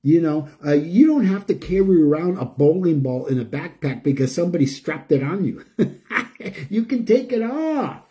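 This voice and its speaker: An older man giving an emotional, preachy spiritual monologue, chanting repeated phrases and swinging between loud and hushed. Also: fairly high pitch, lively intonation, normal speed. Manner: preachy, repetitive, chanting lists. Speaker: spiritual speaker.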